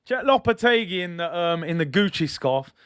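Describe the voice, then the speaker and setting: A young man hosting a live football watch-along, reading chat and reacting loudly to the match. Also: high voice, moderate pace, clean tone, no echo, clean studio sound. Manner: excitable, banters with chat, shouts at big moments.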